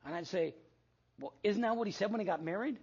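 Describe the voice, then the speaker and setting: A man's voice: high voice, fast talker, a little mellow, slightly rough, dull audio. An older man preaching a sermon as pastor, telling stories with quoted dialogue and self-deprecating asides.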